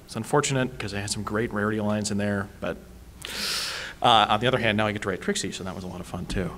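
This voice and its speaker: A man comics writer on a convention panel, relaxed and amused, laughing easily. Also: lowish voice, fast, slight background noise. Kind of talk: panel discussion.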